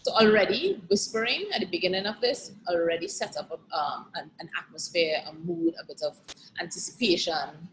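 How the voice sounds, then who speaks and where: A woman's voice: on the low side, expressive, normal speed, fairly bright tone, slight background noise, low-quality recording. A woman teacher reviewing an exam paper and reading a play extract aloud, explaining as she goes and often checking in with "right?".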